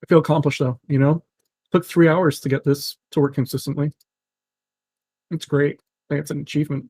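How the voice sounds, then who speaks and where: A man casually commenting on a live stream as he works through software, muttering to himself in a wry, self-mocking way. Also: on the high side, steady tone, a little fast, slightly rough, dry recording.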